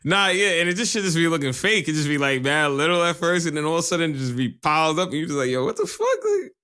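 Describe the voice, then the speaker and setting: A man's voice: a little high, fast talker, sharp tone, clean tone, no room sound, clean studio sound. A man co-hosting a podcast in casual, rambling chat, swearing and laughing often. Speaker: podcast co-host.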